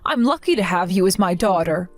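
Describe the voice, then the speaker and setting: A middle-aged woman playing a resilient mother who gently comforts her grown daughter. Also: lowish voice, lively intonation, fairly quick, soft background music. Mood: reassuring. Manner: gentle, reassuring.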